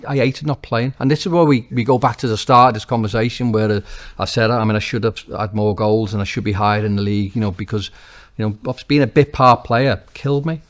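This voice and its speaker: A man with a Liverpool accent, a former footballer and now a manager, telling animated, swear-laced stories as an interview guest, with many restarts. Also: medium pitch. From Liverpool, England. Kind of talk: casual interview anecdotes.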